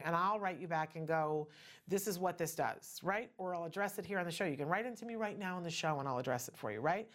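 A middle-aged woman hosting a show, talking in a chatty, earnest way with many asides. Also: lowish voice. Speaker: podcast host. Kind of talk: casual personal talk show monologue.

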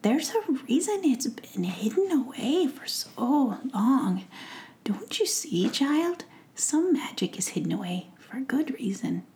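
A woman voicing a motherly old witch, whispering gently in a whispered role-play. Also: high-pitched, big pitch swings, slow pace, pitched above the performer's own voice, exaggerated voice. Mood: cautioning. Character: wise caring old female witch.

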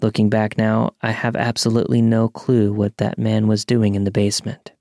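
A young man narrates a true scary story in a calm, measured way. His voice sits low with a gravelly edge. The recording is close and dry. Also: dry recording.

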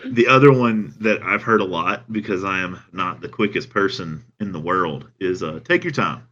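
Man, Southern American accent, deadpan casual chat, lowish voice, dull recording. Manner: dry, deadpan storytelling with drawn-out phrases. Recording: dull lo-fi sound.

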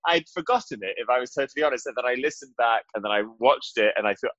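A man's voice: mid-range voice, animated, fast, fairly bright tone, no room sound, lo-fi sound. A man, a guest singer, talking in chatty, rambling casual chat with frequent laughs.

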